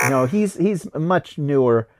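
A man hosting a casual podcast chat, his pitch rising and falling a lot as he talks. He reads names off a list and looks things up, keeping the talk easygoing. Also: background noise. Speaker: podcast host.

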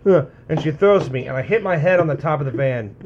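A man with a somewhat high voice rambles through a story among friends. He swears freely and keeps breaking into laughter as he talks. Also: lively intonation, brisk, darkish tone, highs cut off, slight background noise. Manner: rambling and profane, laughing through his stories. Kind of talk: casual chat.

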